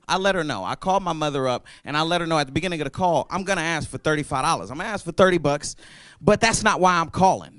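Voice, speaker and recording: Young guy doing stand-up at an open mic, kinda high voice, dry sound, cusses a lot. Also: no room sound. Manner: loose, profane, riffing on an audience member. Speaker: stand-up comedian. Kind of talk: stand-up comedy set. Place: comedy club stage at an open mic.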